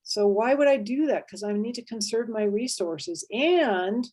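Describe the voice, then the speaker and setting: A woman therapist leading an interactive workshop, lively and expressive, acting out inner voices and checking in with her listeners. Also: fairly high pitch, a little slow. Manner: animated, acts out inner voices and checks in with "right?".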